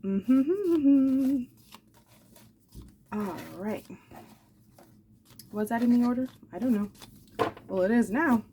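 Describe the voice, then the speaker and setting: A woman's voice: fairly high pitch, slow, pauses often, warm tone, a little hiss or hum. A woman in her forties, chatting casually and affectionately as she shows off craft supplies, with rambling asides. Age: 40s. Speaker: craft channel host. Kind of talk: casual show-and-tell chat.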